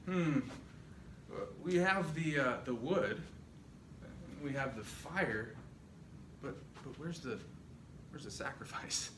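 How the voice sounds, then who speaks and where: A man's voice: on the high side, slow pace, pauses often. A man preaching, voicing a frightened young son who hesitantly asks his father a question, in an echoey room with noise. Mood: puzzled. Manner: hesitant, wondering. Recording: echoey room, distant mic, noisy.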